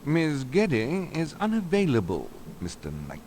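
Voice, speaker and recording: An actor voicing an easygoing adult investigator in recorded game dialogue. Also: male voice, fairly high pitch, huge pitch swings, a little slow, background noise. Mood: calm. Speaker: game protagonist.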